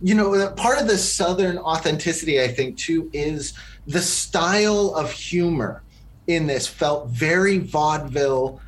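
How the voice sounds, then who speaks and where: Chatty man with a higher voice. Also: animated, measured pace, a little hiss or hum. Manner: rambling, lots of fillers and restarts. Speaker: podcast co-host. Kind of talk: casual movie review chat.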